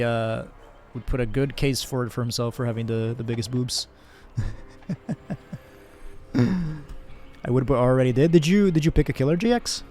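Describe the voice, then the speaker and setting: A man's voice: medium pitch, a little mellow. A young man from Brazil streaming a game, chatting casually with viewers, thanking them by name and rambling with fillers and laughs.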